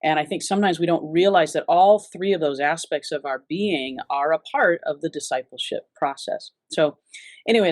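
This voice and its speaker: A woman's voice: deep voice, no room sound. A woman giving an earnest, reflective personal testimony in an interview, often restarting her sentences. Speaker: interview guest.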